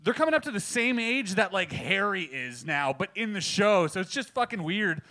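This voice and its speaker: A man with a high, bright voice co-hosts a loose comedy podcast. He rambles casually, swearing freely and leaning on "like" and "yeah". The talk is relaxed and off the cuff. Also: moderate pace. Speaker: podcast co-host.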